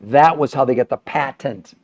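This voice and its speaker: An older man hosting a live stream, talking to the chat in an emphatic, salesy way, with his voice jumping high on key points. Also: moderate pace, a little mellow, dull audio.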